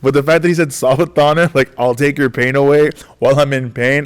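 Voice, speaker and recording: A man in his forties, a comedian telling stories in a casual interview, rambling and animated, acting out the dialogue. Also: medium pitch, quick pace. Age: 40s. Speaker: comedian guest.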